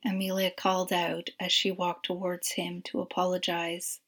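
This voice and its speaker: A woman narrating a story in a soft, breathy, half-whispered voice. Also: lowish voice, little pitch movement, moderate pace, few pauses.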